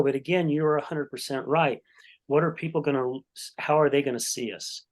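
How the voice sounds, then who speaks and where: A man's voice: medium pitch, steady tone, moderate pace. A man hosting a podcast, talking earnestly in a rambling, casual way with frequent restarts. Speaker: podcast host. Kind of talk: casual conversation.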